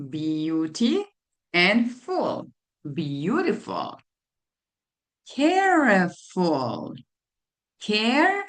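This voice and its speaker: Slow, deliberate woman teaching children. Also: on the low side, sing-song, a bit bright. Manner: slow, deliberate, spelling out letters and repeating words. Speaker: literacy tutor. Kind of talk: teaching a phonics lesson to children.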